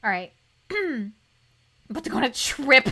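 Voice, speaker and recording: A young woman streamer chatting casually and reading chat aloud, bubbly, with lots of quick repeated yeahs. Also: fairly high pitch, vocal fry, pushed and bright. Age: young adult. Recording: stream with music playing behind.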